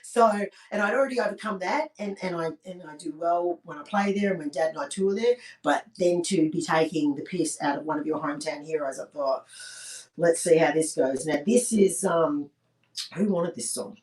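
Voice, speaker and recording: A woman's voice: deep voice, normal speed, darkish tone, recorded from a distance. A woman hosting a comedy livestream from home, chatting cheekily and crudely with viewers between songs. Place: home during lockdown. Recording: echoey room, voice off-mic.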